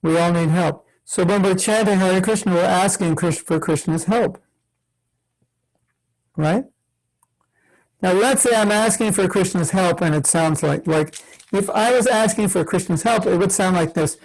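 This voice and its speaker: A man's voice: high voice, unhurried, rough recording. An older man, a spiritual teacher, leading an online workshop for children, patient and questioning, acting out examples of chanting. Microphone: video call.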